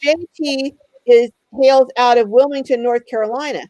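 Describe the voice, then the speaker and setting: High-voiced lady hosting a live stream, reads out comments and says hi to everyone, dry close sound. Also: steady tone, normal speed, mellow, no echo, lo-fi sound. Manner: chatty, greets viewers by name. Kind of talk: live stream chat, reading viewer comments.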